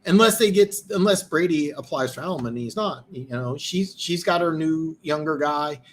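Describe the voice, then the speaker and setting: With slight background noise behind him, a man with a slightly high voice speaks at a moderate pace while hosting a live football stream and reading comments. He sounds tired and is losing his voice, and his boastful rambling is full of restarts.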